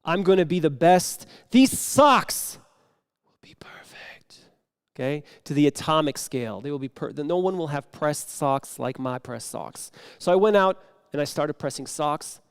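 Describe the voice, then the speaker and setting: A man performs an improvised comic story on a conference stage, acting out each exchange and dropping to sudden whispers. His voice sits high for a man. It swings widely in pitch as he plays to the crowd. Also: moderate pace, hardly any pauses, clean tone. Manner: animated, acts out dialogue with sudden whispers. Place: conference stage before an audience.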